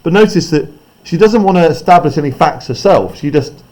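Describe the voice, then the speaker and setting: A man's voice: fairly high pitch, expressive, a little fast, a little mellow. A man teaching a class, explaining a play text in a chatty way and often checking in with "right?".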